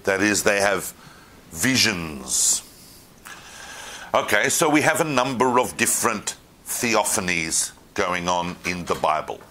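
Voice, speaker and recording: Bright-voiced man lecturing a room. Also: low-pitched, takes it slowly. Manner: animated, asks the room questions. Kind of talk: informal class lecture.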